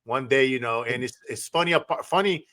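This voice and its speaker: A man's voice: medium pitch, brisk, a bit bright. A man from Brazil, hosting a casual interview in an earnest, enthusiastic way. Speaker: host.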